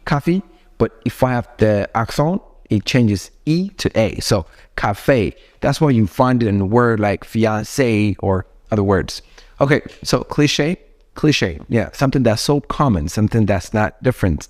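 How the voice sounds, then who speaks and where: A young man with an Ethiopian accent teaches English in a loose, rambling way and keeps turning to his viewers with questions. His voice sits at a mid pitch, and he speaks English as a second language. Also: darkish tone. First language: not English. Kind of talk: casual spoken lesson.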